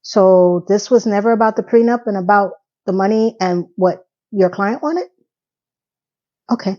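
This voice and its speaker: A woman talks through a TV episode recap in a chatty, sarcastic style, often sounding incredulous. Her voice sits in a middle pitch. The recording is slightly dull and lo-fi. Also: unhurried, warm tone. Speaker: TV recap vlogger.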